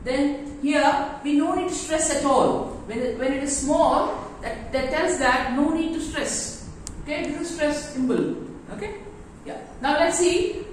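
A woman English teacher giving a lesson in a classroom, halting with many fillers. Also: high voice, slight background noise. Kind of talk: explanatory lesson. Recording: very echoey room, voice far from mic.

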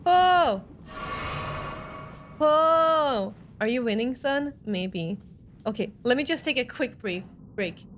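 A woman's voice: a little high, moderate pace, background noise. A woman streaming a game live, chattering nervously and yelping when startled. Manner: excitable, jumps between nervous chatter and yelping. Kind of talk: live gameplay commentary.

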